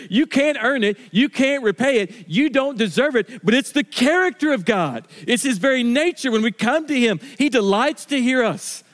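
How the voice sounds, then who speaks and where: A middle-aged man, a pastor, preaching a sermon in a conversational, story-telling way, with restarts and slow stresses on key words. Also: very high voice, lively intonation, fairly bright tone.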